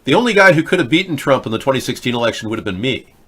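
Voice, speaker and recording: A man's voice: medium pitch, sing-song, racing, a bit bright. A man hosting a live political video chat show, talking bluntly and rambling, restarting his words and answering viewers in the chat. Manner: replies to chat viewers, mocks them. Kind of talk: casual live-stream talk.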